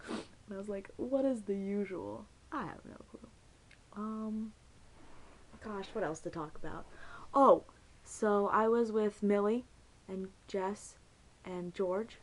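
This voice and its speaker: A woman's voice: lowish voice, low-quality recording. A young woman vlogging in casual chat, rambling and giggly, often trailing off mid-thought.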